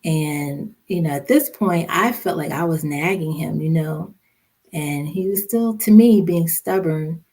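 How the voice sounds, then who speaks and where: Female interview guest with a low, mellow voice, telling a grave personal story haltingly. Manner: halting, many "you know" fillers; somber, recounting a hard memory. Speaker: podcast guest, social worker and mother.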